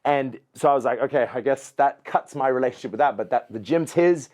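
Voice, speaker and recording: A man's voice: medium pitch, a little fast. A middle-aged man, a podcast guest, telling a long story in casual chat, swearing freely and acting out what other people said. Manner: animated, profane, acts out other people's lines.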